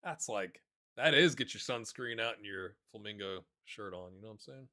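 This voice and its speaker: A man giving casual, excitable commentary on a football management game, chatting to his viewers and calling the players lads. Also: fairly low pitch, normal speed. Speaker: gaming YouTuber. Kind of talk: casual let's-play commentary.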